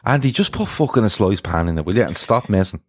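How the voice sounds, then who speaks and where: A man's voice: fairly low pitch, very animated, fast, husky. A man with an Irish accent hosting a podcast in casual, blunt, teasing chat, swearing freely. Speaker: podcast host.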